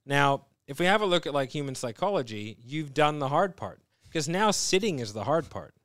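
A man's voice: on the high side, very animated, normal speed, fairly bright tone, no room sound, clean studio sound. A man in casual conversation, retelling a story bluntly with lots of swearing. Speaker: podcast co-host. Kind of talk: casual chat.

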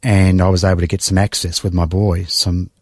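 Speaking in conversation about his own life, a middle-aged interview guest has a low voice that catches with feeling, and his delivery is flat. He reflects emotionally, sighing and restarting haltingly, on a close, dry recording with no echo.

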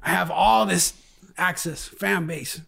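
A man's voice: high-pitched, slow, vocal fry, bright, forceful tone. A man talking candidly and profanely about his life as a graffiti artist in a casual podcast conversation. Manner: profane, candid, heated storytelling.

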